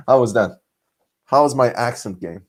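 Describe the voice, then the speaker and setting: A man from Serbia, chatting casually on a live stream, joking and laughing often between lines. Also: medium pitch.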